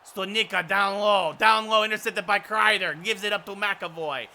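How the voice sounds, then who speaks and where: Brief: male streamer, thirties, high bright voice, excitable hockey play-by-play. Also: normal speed. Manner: excitable play-by-play calls, with asides to chat. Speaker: streamer doing play-by-play of a hockey video game. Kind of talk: sports play-by-play commentary.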